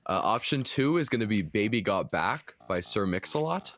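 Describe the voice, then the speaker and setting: A man's voice: lowish voice, big pitch swings, normal speed, fairly bright tone, faint music behind. A male radio co-host with a dry, joking manner, hesitating with frequent ums as he talks. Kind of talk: casual radio chat.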